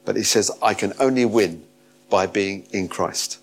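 A man's voice: lowish voice, measured pace, faint music behind. Emphatic male preacher. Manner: emphatic, rising to animated peaks. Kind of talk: sermon.

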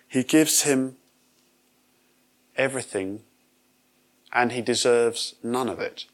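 A man's voice: medium pitch, slow pace. A man giving a conversational sermon, acting out quoted voices as he retells a parable. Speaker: preacher.

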